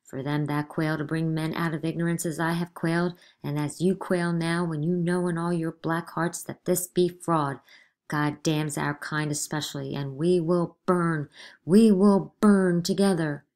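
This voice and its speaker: A woman's voice: deep voice, fairly even intonation, measured pace. A woman reading a play aloud, voicing a desperate, defiant middle-aged farmer who speaks with impassioned force. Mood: furious. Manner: impassioned, shouting.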